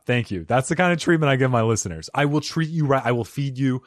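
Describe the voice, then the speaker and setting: A man opens his comedy podcast alone, clowning around and swinging his voice up and down for jokes. His pitch sits mid-range but his delivery is lively and animated. The sound is dry and close, with no room echo. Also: fast talker, hardly any pauses. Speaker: podcast host. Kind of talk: comedic solo podcast intro.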